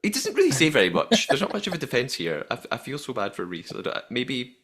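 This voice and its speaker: Animated male podcast host. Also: medium pitch, fast. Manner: animated, laughs often, retells scenes. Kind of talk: casual chat recapping a reality show.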